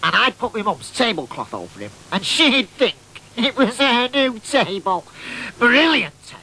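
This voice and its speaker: A squeaky nasal oddball character. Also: male voice, very animated, measured pace, bright, forceful tone, full character voice, poor audio. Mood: fibbing. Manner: nasal, chatty, keeps asking "right?". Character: excitable boyish man telling tall tales. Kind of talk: comic monologue storytelling.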